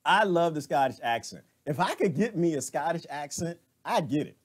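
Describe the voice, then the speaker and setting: A man's voice: a little high, lively intonation, moderate pace, slightly rough. A man hosting a live stream, giving jokey, rambling commentary and laughing at himself. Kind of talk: animated off-the-cuff commentary.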